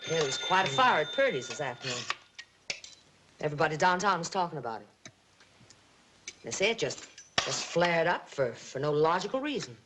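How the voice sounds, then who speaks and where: Needling middle-aged aunt, sly and sharp, lively pitch; hissy 1950s TV soundtrack. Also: female voice, normal speed, pauses often. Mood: insinuating. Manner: sly, insinuating, sharp when crossed. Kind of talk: 1950s TV drama acting.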